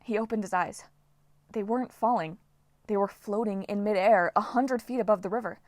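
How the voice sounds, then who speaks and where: A woman reading a novel aloud as an audiobook narrator, with steady, dramatic storytelling. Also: medium pitch, normal speed, no room sound. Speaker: audiobook reader.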